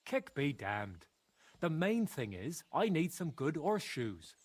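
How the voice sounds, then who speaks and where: A lively, husky medieval guildsman. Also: a little high, a little slow, heavily acted. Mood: coaxing. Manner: persuasive, coaxing. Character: eager medieval guildsman asking for horseshoes. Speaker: video game character.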